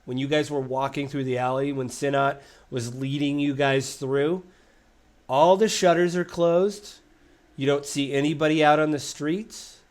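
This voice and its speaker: A man's voice: a little high, steady tone, measured pace. A man narrating as game master of a tabletop game, casual and rambling, with many fillers.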